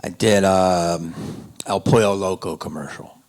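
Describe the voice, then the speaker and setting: A man telling stories as a guest on a convention panel, loose and joking, going from loud asides to quiet, confiding stretches. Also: low voice, measured pace. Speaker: panel guest, actor and comedian.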